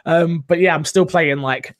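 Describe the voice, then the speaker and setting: A man's voice: a little high, normal speed. A man hosting a casual gaming podcast, joking and teasing with mock boasts. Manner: animated, joking, self-mocking boasts. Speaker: podcast host and streamer.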